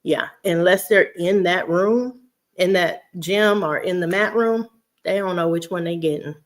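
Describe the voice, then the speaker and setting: A Southern US woman talks live to her viewers in a loose, chatty way, stopping often to laugh and read their comments aloud. Her voice sits a little low for a woman. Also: a little slow. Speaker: vlogger on a weight-loss journey; teacher. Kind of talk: casual livestream chat.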